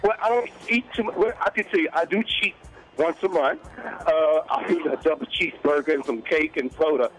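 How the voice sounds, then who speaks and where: Animated high-voiced man in his fifties. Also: a little fast, faint music behind, rough recording. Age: 50s. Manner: animated, acts out quoted dialogue. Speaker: morning show guest. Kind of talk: casual interview storytelling.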